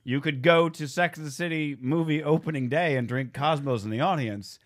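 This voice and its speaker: A man's voice: fairly high pitch, a little fast. A man guesting on a comedy podcast, telling rambling stories and laughing often in casual chat.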